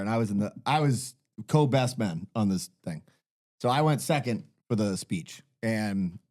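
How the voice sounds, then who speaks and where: A man's voice: lowish voice, darkish tone. Profane, storytelling podcast man. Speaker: podcast co-host. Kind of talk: casual storytelling chat.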